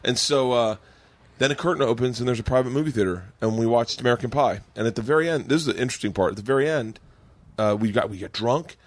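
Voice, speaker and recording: A man's voice: medium pitch, quick pace, dry recording. A man hosting a podcast, telling a long profane comedic story and acting out the voices of the people in it. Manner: profane, animated storyteller who acts out quotes. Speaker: podcast host.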